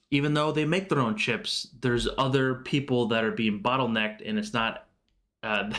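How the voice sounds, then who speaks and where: A man with a mid-range, fairly bright voice hosts a casual stock livestream. He's loose and chatty, full of fillers and self-corrections, as he answers viewers' questions.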